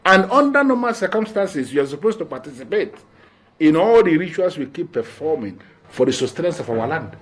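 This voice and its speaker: An actor with a Nigerian accent playing a deferential royal adviser who speaks earnestly and pleads. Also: male voice, a little high, very animated, fairly quick, slightly rough. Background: faint music.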